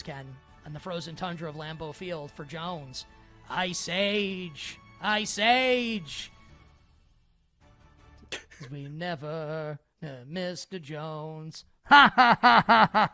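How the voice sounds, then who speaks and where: A man's voice: sits high, a bit bright. A man hosting a sports betting talk show, rambling casually with lots of "like" and playfully calling himself by a mock-royal title. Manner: playful mock-regal self-reference, rambling with frequent "like". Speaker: sports betting radio host.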